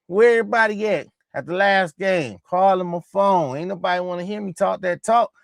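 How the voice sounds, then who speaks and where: A man hosting a casual reaction show, talking excitedly and in slang over game highlights and repeating himself. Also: gravelly, no echo, studio quality. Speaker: host of a basketball reaction channel.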